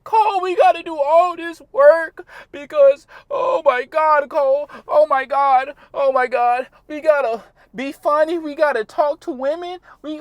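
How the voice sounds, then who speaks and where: A man's voice: extremely high pitch, dry recording, voice pushed up. A man putting on the voice of a melodramatic young man whining about how much work dating is. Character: whiny complaining young man griping about effort.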